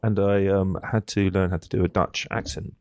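Gravelly low-voiced man chatting. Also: little pitch movement, moderate pace, a little mellow, no room sound. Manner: playful storyteller, laughs often. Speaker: podcast co-host. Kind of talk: casual chat.

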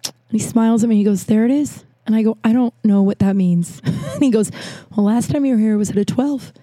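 Young woman, casual vlog storyteller, short of breath, higher pitch, rambling and exasperated. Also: a little fast, mellow, no echo. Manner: rambling, frustrated, swearing, acts out quotes. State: out of breath from long covid.

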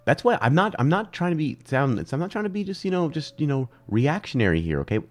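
A man co-hosting a casual podcast chat, rambling and joking, with big jumps in pitch for emphasis. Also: quick pace, faint music behind. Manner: animated, rambling, jokey, leaps up in pitch for emphasis. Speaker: podcast co-host.

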